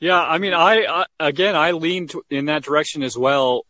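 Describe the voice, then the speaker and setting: A man's voice: on the high side, normal speed, bright, forceful tone. A man hosting an interview, asking direct follow-up questions in a casual, conversational way. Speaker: host.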